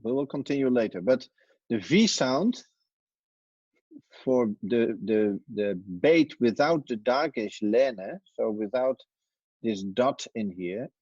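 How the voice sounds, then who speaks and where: A man teaching an online class, relaxed, quizzing students and explaining as he goes. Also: medium pitch, takes it slowly, slightly rough, no echo, highs cut off.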